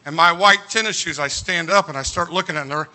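Male preacher, high sharp voice, comic animated storyteller who breaks into shouts. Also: a little fast. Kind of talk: humorous storytelling sermon.

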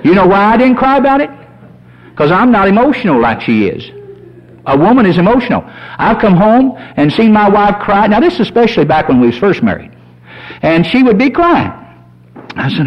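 A man preaching a sermon as a pastor, folksy and animated, telling humorous stories. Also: high voice, brisk. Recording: dull lo-fi sermon recording.

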